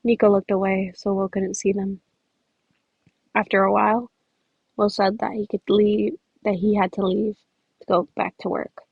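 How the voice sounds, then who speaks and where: Gravelly-voiced woman casually reading fan fiction. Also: mid-range voice, flat delivery, normal speed, long pauses, no echo, muffled recording. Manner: casual, self-correcting with chatty asides. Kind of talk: podfic narration.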